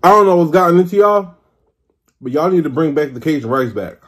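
A man in his thirties rants through a mukbang, exasperated and swearing as he drags out his complaints. His voice sits a little high for a man. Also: lively intonation, fairly quick. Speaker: food vlogger. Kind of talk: mukbang rant.

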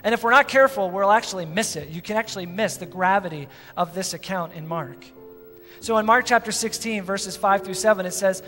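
A male pastor preaching a sermon with dramatic storytelling, swinging between loud and soft as he acts out scenes. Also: high-pitched, brisk, long reverb tail, faint music behind. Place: church sanctuary.

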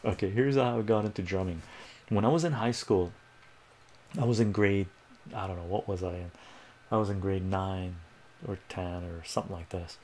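A middle-aged man who tutors math on stream rambles through a story in casual livestream chat, animated and laughing often while acting out quoted voices. His low-pitched voice moves at a moderate pace with frequent pauses, over a little hiss or hum.

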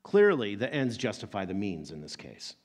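A man's voice: on the low side, wildly swooping pitch, moderate pace. A man preaching a sermon as pastor, telling the story animatedly and acting out the characters.

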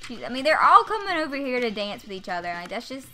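A woman's voice: fairly high pitch, very animated, fast talker, sharp tone, soft background music. A woman in her twenties giving chatty, giggly gameplay commentary into a desktop mic, full of "like" and mild swearing. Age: 20s. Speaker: gaming YouTuber. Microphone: USB desktop microphone.

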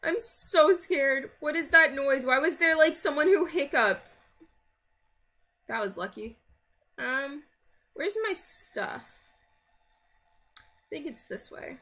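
Woman gamer doing let's-play commentary; high, bright voice, unhurried, chatty self-talk that jumps between grumbling and jumpy alarm. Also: expressive. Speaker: gaming video creator.

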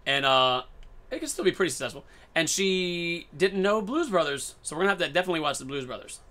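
A man live-streaming a shooter, talking in a casual and playful way as he narrates each moment. His tone is bright and a little edgy, and he jumps from excited outbursts to easy chatter with viewers. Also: on the high side, fast talker. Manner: excitable, playful, jokey running commentary. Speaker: game streamer.

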